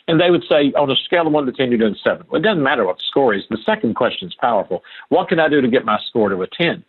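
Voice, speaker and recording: An older man with a husky, breathy voice that comes through a thin, phone-like line. He speaks earnestly and with emphasis, repeating key phrases as he tells personal stories in an interview. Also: medium pitch, animated, quick pace, few pauses. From Appalachia. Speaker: podcast guest. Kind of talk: storytelling interview talk.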